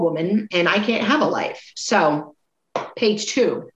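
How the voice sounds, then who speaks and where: A middle-aged woman with a mid-range voice speaks slowly and candidly in a casual group chat. She's blunt, swears freely, and acts out the people she quotes. The recording sounds roomy, dull, and lo-fi.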